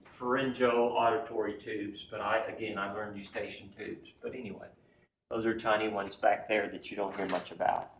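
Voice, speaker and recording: In a classroom, a man teaching anatomy speaks folksily, repeatedly asking the class "right?" and "okay?" His voice is medium-pitched with a fairly bright tone. The recording has slight background noise, an echoey room, and the voice sits far from the mic.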